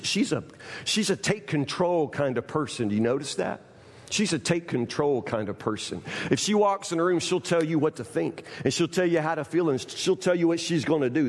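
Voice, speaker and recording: A man preaching a sermon, folksy and conversational, repeating his words as he talks to the congregation. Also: medium pitch. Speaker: pastor. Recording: echoey hall.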